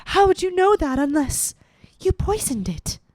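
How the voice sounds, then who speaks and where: A woman voicing an annoyingly meek cartoon daughter with a high, timid voice. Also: very animated, unhurried, a little mellow, no echo, heavily acted. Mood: accusing.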